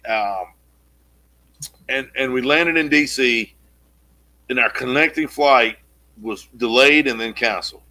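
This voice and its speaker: A man co-hosting a casual podcast, telling a long story in an animated way and acting out the quotes, with casual swearing. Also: mid-range voice, a little slow, long pauses. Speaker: podcast co-host.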